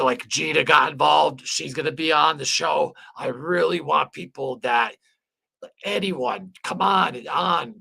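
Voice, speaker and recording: A man's voice: a little high, creaky, pushed and bright, slightly rough. A man hosting a casual livestream chat, rambling and emotional, swearing freely and greeting viewers by name. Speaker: livestream host.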